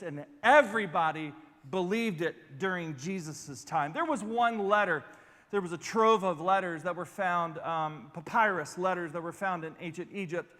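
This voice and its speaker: A male pastor giving an animated, conversational sermon that speaks straight to his listeners, with asides. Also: high-pitched, in a large hall.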